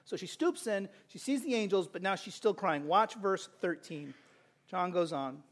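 Male preacher, very high pitch, impassioned sermon delivery with loud-to-soft swings and a chatty "right?" habit. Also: animated, normal speed. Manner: impassioned, swinging between loud urgent calls and soft intimate asides; conversational, with frequent rhetorical "right?".

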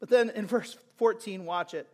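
A man preaching a sermon, impassioned, swinging between loud urgent appeals and soft, intimate asides, often checking in with a conversational "right?". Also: sits high, moderate pace. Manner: conversational, with frequent rhetorical "right?".

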